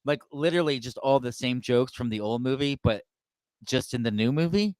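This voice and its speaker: A man's voice: mid-range voice, animated, fairly quick, a little mellow, no room sound. A man co-hosting a podcast who talks casually, laughs often and acts out the voices of people he quotes. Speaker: podcast co-host. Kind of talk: casual chat.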